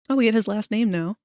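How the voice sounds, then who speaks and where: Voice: mid-range voice, mellow, dry recording, clean studio sound. A streamer giving casual live commentary while playing, swearing now and then and picking apart game bugs in technical terms.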